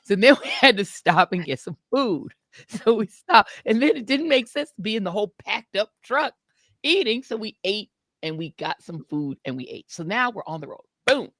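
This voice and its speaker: A woman co-hosting a podcast, telling a story in an animated, laughing way. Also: mid-range voice, normal speed, dry recording, studio quality. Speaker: podcast co-host. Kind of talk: casual storytelling chat.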